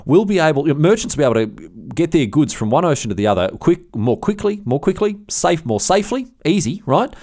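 A man doing an eager merchant pitching a scheme. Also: very animated, brisk, a little mellow.

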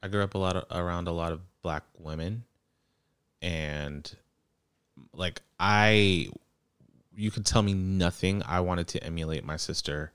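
A man co-hosting a podcast, talking in a relaxed, conversational way. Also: deep voice, measured pace, clear, resonant tone, no room sound, studio quality. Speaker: podcast co-host. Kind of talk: casual chat.

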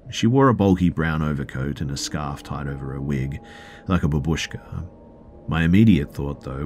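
A man narrating a first-person story in a measured, matter-of-fact way. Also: extremely low pitch, darkish tone, a little hiss or hum.

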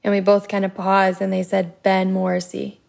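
A woman interviewed about a loss, retelling events haltingly with many fillers. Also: medium pitch, completely flat delivery, gravelly, a little mellow. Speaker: bereaved wife interviewed. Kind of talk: recounted interview testimony.

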